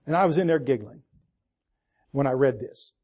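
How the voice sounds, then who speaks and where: An older man preaching a sermon as pastor, stretching key words for emphasis and dropping into soft, low asides. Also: animated, moderate pace.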